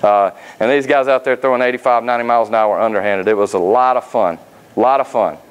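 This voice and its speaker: A man, giving a motivational speech at a sales academy. He tells folksy personal stories and pauses often on "uh.". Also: mid-range voice, smooth, poor audio. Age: 30s. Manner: folksy, anecdotal, frequent "uh" fillers.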